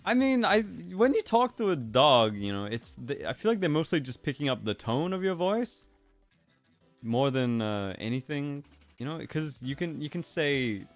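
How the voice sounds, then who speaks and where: A man's voice: mid-range voice, very animated, normal speed, no room sound, faint music behind. A man chatting casually on a livestream, musing aloud in a playful way and drifting into silly voices. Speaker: streamer.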